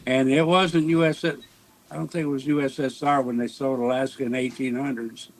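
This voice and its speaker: A man's voice: mid-range voice, level tone, fairly quick, low-quality recording. A man chatting plainly as a guest on a live stream. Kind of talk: casual live-stream chat.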